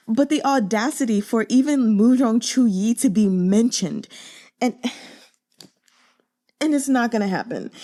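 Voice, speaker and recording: A woman's voice: medium pitch, warm tone. A woman reading a novel aloud who then talks candidly and in exasperation about it, using lots of fillers. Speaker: audiobook reader. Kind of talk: casual reader commentary.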